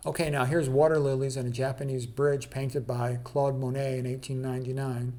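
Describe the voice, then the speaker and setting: A man's voice: mid-range voice, level tone, a little fast, warm tone. A man casually presenting an art slideshow, blunt and emphatic, with frequent "okay" and "you know".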